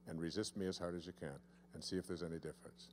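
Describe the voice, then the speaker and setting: A deep-voiced man with little pitch movement guides a demonstration at a live seminar. He ribs a volunteer and elongates key words in a teasing way, captured on a handheld mic held by that volunteer amid slight background noise.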